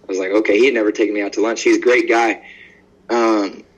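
A man speaking as an evangelist guest, bold and outspoken, telling stories as he voices the people in them. His voice has a husky, breathy grain. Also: lowish voice, fast, rough recording. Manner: lively storyteller acting out quoted dialogue. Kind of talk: conversational podcast interview.

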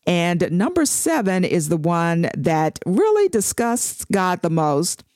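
A woman reads scripture at a slow, deliberate pace and stops to explain each verse. Her voice sits a little low. The sound is dry and close, with no room around it. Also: a little mellow, no room sound. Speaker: Bible teacher. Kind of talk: devotional Bible teaching.

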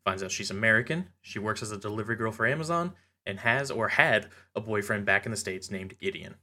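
Give me a low-pitched man casually recapping a comic on a podcast, chatty and quick to laugh. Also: pushed and bright. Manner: laughs often, loose and chatty with frequent fillers. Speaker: podcast co-host.

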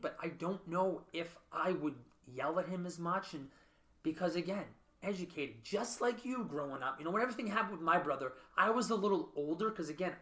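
Earnest, bright-voiced male podcast host. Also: a little high, echoey room. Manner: earnest, reflective, often asks "right?". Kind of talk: casual interview chat.

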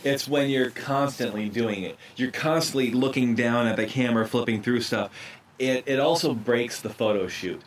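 A man's voice: mid-range voice, moderate pace, far from the mic, a little hiss or hum. A man hosting a podcast outdoors at his house, rambling in a casual way with plenty of fillers. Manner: rambling, conversational, many fillers. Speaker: podcast host, photographer.

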